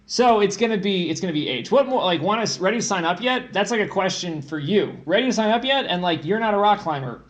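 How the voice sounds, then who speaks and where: A man's voice: high-pitched, lively intonation, fast, hardly any pauses. A man hosting a tutoring livestream, chatting casually and teasing viewers in a playful way. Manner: playful, teasing, jumps into silly voices. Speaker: tutor and stream host. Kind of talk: casual joking livestream banter. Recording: echoey room.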